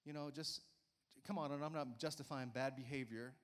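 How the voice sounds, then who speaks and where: A man in his forties preaching a sermon in a church, energetic and coaxing, often urging listeners with "come on.". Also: mid-range voice, fairly quick. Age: 40s. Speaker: pastor. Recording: church hall reverb.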